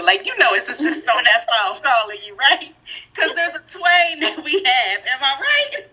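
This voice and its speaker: A woman co-hosting a casual podcast discussion, talking in an animated, emphatic way and laughing often. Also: a little high, normal speed, husky. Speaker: podcast co-host. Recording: dull lo-fi recording.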